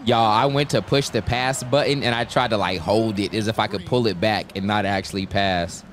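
A young man giving live commentary on his own basketball video game, talking to his teammates and shouting at big plays. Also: on the low side, normal speed, noisy background. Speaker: gaming YouTuber.

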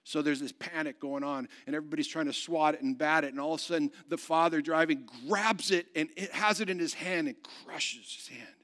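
A man pastor preaching a sermon, going from loud proclamation to soft, hushed storytelling. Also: a little high, fairly quick, hardly any pauses. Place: church.

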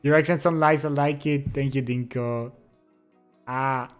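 A young man chatting casually with his stream chat, relaxed and giggly. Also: mid-range voice, a little slow, clean tone, soft background music. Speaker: livestreamer. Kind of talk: casual chat reading and answering viewer chat.

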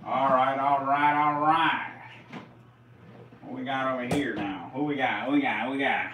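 A man's voice: medium pitch, fairly even intonation, normal speed, fairly bright tone. A man hosting a live stream, giving casual commentary in slangy, profane, hyped-up banter.

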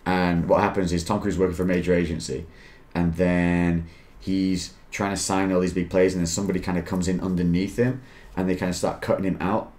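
Deep-voiced Australian man. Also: a little fast. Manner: relaxed storytelling, laughs easily, swears casually. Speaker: podcast host. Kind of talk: casual chat.

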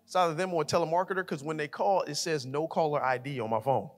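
A man preaching a sermon as co-pastor, telling a family story with lively acted voices before building to shouted emphasis. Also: fairly high pitch, fast. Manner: animated, acts out his daughter's voice, builds to shouting. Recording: live church hall reverb with music.

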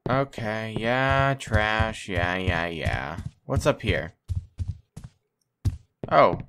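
A man's voice: on the low side, expressive, drawn-out words, noisy background. A man giving jokey, wry let's-play commentary while playing a game. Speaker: gamer playing on a channel.

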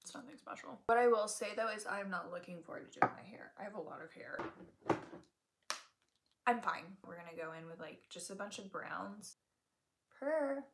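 A woman's voice: medium pitch, lively intonation, normal speed, slight background noise. A young woman in her twenties chatting casually while doing her makeup, rambling and joking at herself, filmed on a tablet at home. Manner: rambling, self-mocking, jokey asides. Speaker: beauty vlogger. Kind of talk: chatty get-ready-with-me makeup talk. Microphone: tablet camera.

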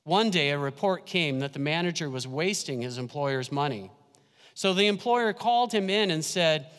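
A male pastor preaching a sermon in a conversational, humorous way, slowing down and dropping his voice to stress key points. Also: a little high, expressive, a bit bright. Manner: humorous, conversational preaching with slow emphatic drops. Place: church sanctuary. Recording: long church hall reverb.

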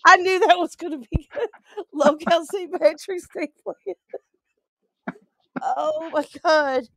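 A woman's voice: very high voice, slow, no room sound. A woman co-hosting a casual comedy chat show, giggly and laughing often. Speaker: co-host.

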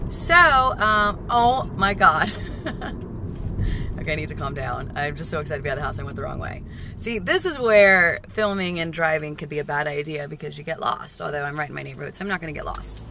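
A chatty, excitable woman vlogging from behind the wheel, holding the camera up to her face. Her talk rambles and swings from quiet asides to loud bursts. The road and car noise are clearly heard under her voice. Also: low voice, fast talker. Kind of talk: casual excited car vlog. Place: inside a car while driving. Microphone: handheld camera facing her in the car.

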